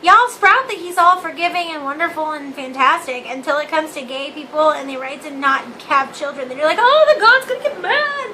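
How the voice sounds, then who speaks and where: A woman's voice: high voice, a little fast, few pauses, bright, forceful tone, a little hiss or hum, low-quality recording. A young woman vlogging from her living room on a phone, ranting candidly with swearing and self-mockery. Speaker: vlog host. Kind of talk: casual opinion rant to camera.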